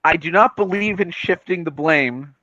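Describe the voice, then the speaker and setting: A man's voice: a little high, normal speed, bright, forceful tone, no room sound, lo-fi sound. A man playing a tabletop game, reasoning his way out of blame in a lawyerly way. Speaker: player.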